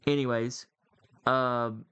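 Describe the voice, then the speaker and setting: A man's voice: medium pitch, fairly even intonation, slow pace, fairly bright tone, clear, resonant tone, dry recording. Young man telling a rambling story. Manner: rambling storyteller with many fillers and restarts. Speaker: podcast co-host. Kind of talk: casual chat.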